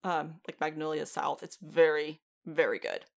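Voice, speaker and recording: A woman co-hosting a podcast, recapping a TV show in casual, animated chat, swearing freely and laughing often. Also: deep voice, moderate pace, gravelly. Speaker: podcast co-host.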